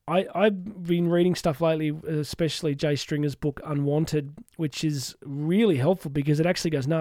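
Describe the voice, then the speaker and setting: A man's voice: fairly high pitch, a little mellow, no echo, studio quality. A middle-aged man hosting a solo podcast, talking earnestly and reflectively with frequent restarts and asides. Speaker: podcast host and coach.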